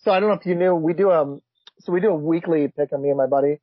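Excitable husky podcast host, dry lo-fi sound. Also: male voice, fairly high pitch, fast, dry recording. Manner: excitable, blurts reactions, laughs often. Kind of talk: casual sports chat. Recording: dull lo-fi remote audio.

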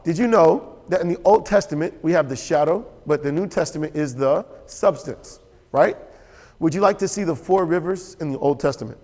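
A man preaching a sermon as pastor, animated and storytelling. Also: a little high, moderate pace. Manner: animated, storytelling with quoted voices and laughter. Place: church sanctuary. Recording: church hall with long reverb.

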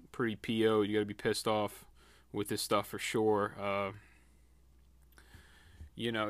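A man's voice: lowish voice, dry recording, studio quality. A man hosting a podcast, giving heated, indignant opinion commentary. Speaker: podcast host.

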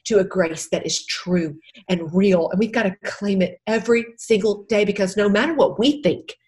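A woman's voice: mid-range voice, normal speed, darkish tone. A middle-aged woman, a podcast guest who is an author and former counselor, speaking earnestly and tearfully about faith, stressing and repeating her key phrases.

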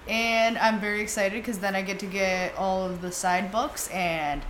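A woman's voice: medium pitch, steady tone, normal speed, fairly bright tone, roomy sound, a little hiss or hum. A woman co-hosting a podcast in casual chat, profane and emphatic, laughing often. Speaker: podcast co-host.

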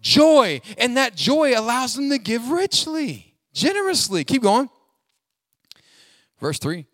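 A man preaching a sermon as pastor, animated and joking, calling on the congregation to finish his lines. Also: very high voice, takes it slowly, dry recording. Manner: call-and-response preaching, asks congregation to fill in words; animated, jokes and laughs, sings snatches.

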